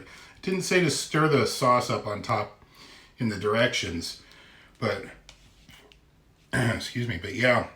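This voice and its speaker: A man casually tasting and reviewing a microwave meal on his own channel, chatty and given to loud exclamations. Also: deep voice, creaky, roomy sound. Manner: chatty, exclaims loudly at hot bites. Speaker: food vlogger. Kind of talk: casual food review vlog.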